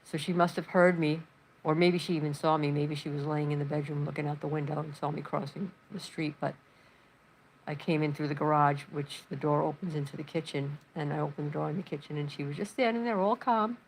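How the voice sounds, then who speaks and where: Livestream host, woman, low gravelly voice, rambling chatty storyteller in her living room. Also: fairly even intonation, a little fast, a little hiss or hum, low-quality recording. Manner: reads chat messages aloud. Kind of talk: casual livestream chat.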